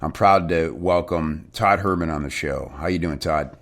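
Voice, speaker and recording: A man's voice: extremely low pitch, normal speed, fairly bright tone. A man hosting a podcast interview from his office on a desktop mic, upbeat and enthusiastic. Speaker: podcast host. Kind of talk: remote interview. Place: home office. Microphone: desktop USB mic.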